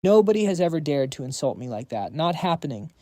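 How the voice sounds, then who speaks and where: A man's voice: a little high, very animated, quick pace, dark tone, dry recording. A man voicing a fierce, proud young woman who insults her foes bluntly in a recap story. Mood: scornful.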